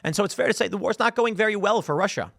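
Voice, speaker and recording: A man's voice: sits high, very fast, gravelly, a bit bright, no echo, clean studio sound. A man hosting a solo political commentary, rambling and repeating words as he reads headlines aloud.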